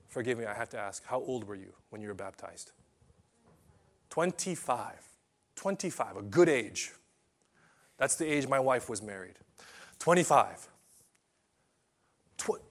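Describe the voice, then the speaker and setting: A male pastor preaching a dramatic sermon, swinging from loud declarations to quiet asides. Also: mid-range voice.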